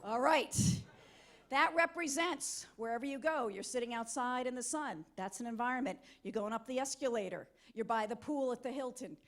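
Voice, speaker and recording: A middle-aged woman giving an energetic, interactive motivational talk at a conference, coaxing volunteers from the audience. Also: a little high, moderate pace. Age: middle-aged or older. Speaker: conference keynote speaker. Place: conference hall.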